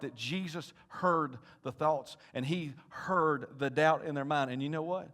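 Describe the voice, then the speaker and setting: Bright-voiced pastor preaching. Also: male voice, on the high side, unhurried. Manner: swings from hushed asides to loud, intense appeals; talks directly to the congregation, asking questions. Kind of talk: sermon. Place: church sanctuary.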